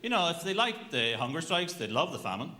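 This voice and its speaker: A man's voice: on the high side, big pitch swings, brisk, very noisy. A man doing a stand-up routine in a dry, mock-serious way. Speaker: stand-up comedian.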